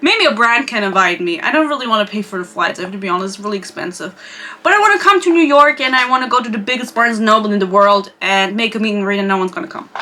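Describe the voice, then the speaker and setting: Young european woman rambling gossip on her podcast, bright clear voice, lots of detours. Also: on the high side. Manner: chatty, gossipy, rambling with asides. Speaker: podcast host. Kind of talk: casual chat.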